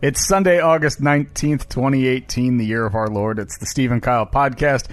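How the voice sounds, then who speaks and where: A man's voice: medium pitch, a little fast. A man co-hosting a casual comedy podcast, delivering dry jokes and show intros. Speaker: podcast co-host.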